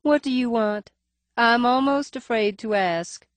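A brusque, sly middle-aged records clerk, put on by a woman reading an audiobook, talking in a nasal, higher-pitched voice with the faintest lisp. She is blunt and emphatic, and the reading sounds dry and close. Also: a little slow, dry recording, lightly acted. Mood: wary teasing. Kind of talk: audiobook character voice.

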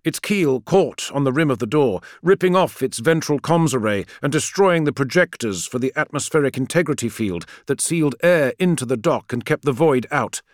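A male narrator reads a science-fiction story with a lively, rising and falling delivery. His voice sits in a middle register and is recorded close and dry, with no room echo at all. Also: mid-range voice. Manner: measured, expressive storytelling. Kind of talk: scripted audiobook narration.

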